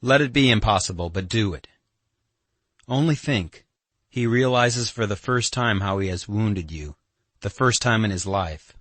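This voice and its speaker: A man's voice: fairly low pitch, expressive, measured pace, a bit bright, no room sound. A man reading an audiobook, voicing an earnest young man who urges and pleads with heavy emphasis. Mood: insistent.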